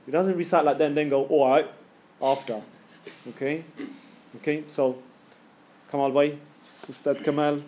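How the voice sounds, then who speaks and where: A man's voice: a little high, steady tone, moderate pace, pauses often, a little mellow, a little hiss or hum. Chatty man coaching recitation. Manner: casual, chatty, demonstrating recitation sounds. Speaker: Quran recitation teacher. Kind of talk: live tajweed class coaching.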